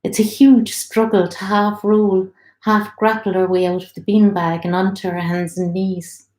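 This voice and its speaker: A woman author reads her own short story aloud during a live online event, in a friendly, steady narrating voice. Her tone is mellow and soft, and the indoor room adds a roomy echo. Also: medium pitch, a little slow. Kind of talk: live literary reading.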